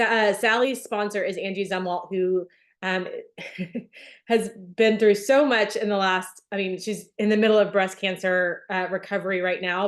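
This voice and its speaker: A woman hosting a team video call at a middling pitch. She keeps things brisk and upbeat as she introduces the next speaker.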